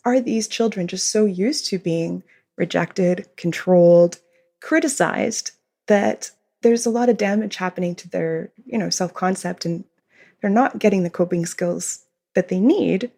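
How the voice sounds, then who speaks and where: Gravelly-voiced woman explaining as a guest. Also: fairly low pitch, measured pace, mellow. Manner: explanatory, giggles often while talking. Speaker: behavior consultant and author, guest. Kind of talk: podcast interview.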